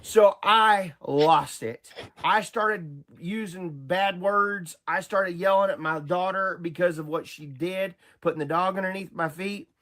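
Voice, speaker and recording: A man's voice: high-pitched, measured pace, fairly bright tone. A man from Oklahoma rambling through a personal testimony, often repeating himself and stumbling over his words. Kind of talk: storytelling testimony.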